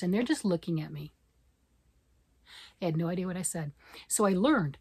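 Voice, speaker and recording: A woman from Michigan, a yarn vlogger chatting excitedly and fast to camera, rambling off on tangents. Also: fairly low pitch, no echo. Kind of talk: casual chat to camera.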